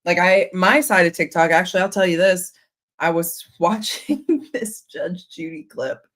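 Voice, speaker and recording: A young woman chatting casually, retelling a story with animated quoted voices. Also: lowish voice, a little slow. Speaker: co-host. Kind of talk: casual chat.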